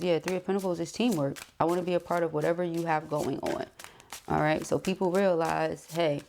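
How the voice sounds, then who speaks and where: A woman in her thirties giving a casual tarot reading, talking fast and excitedly, stumbling over her words and laughing at herself. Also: sits low, vocal fry, a little hiss or hum. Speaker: tarot reader.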